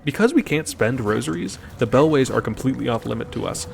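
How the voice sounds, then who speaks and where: A man's voice: mid-range voice, expressive, quick pace, gravelly. A man narrating a gameplay video voice-over in a wry, joking, explanatory way. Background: background music.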